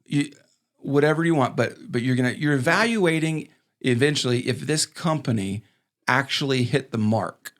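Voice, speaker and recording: A man's voice: mid-range voice, moderate pace, fairly bright tone. Rambling man hosting a casual chat. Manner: rambling, restarts sentences, playful. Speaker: podcast host.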